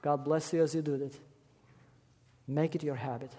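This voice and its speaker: A man preaching a sermon emphatically, rising to loud peaks on key words. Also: a little high, fairly even intonation, moderate pace. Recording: echoey hall.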